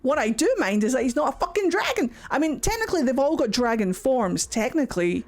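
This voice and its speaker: A young woman giving casual reaction commentary, mocking and excitable, who swings between shrieks and low grumbles and swears a lot. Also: a little fast, few pauses. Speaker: streamer reacting to a game.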